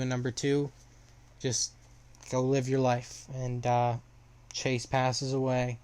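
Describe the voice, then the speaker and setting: Monotone young man recapping a story. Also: mid-range voice, takes it slowly, long pauses, clear, resonant tone. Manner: rambling, filler-heavy retelling with restarts.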